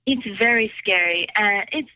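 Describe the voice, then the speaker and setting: A woman's voice: medium pitch, normal speed, no echo, narrow, tinny audio. A woman caller chatting casually, rambling and giggling, with lots of fillers. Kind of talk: casual chat.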